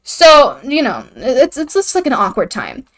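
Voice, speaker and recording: A woman's voice: sits high, huge pitch swings, a little slow. A young woman hosting a video, giving an irreverent, profane comedic recap of a story and acting out the characters' lines. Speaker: video host.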